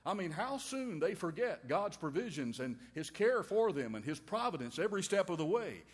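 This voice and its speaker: A man's voice: high voice, sing-song, moderate pace, slightly rough. A man preaching a sermon in a folksy, wry way, with homey quips and asides to his listeners. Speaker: pastor. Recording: long reverb of a large hall.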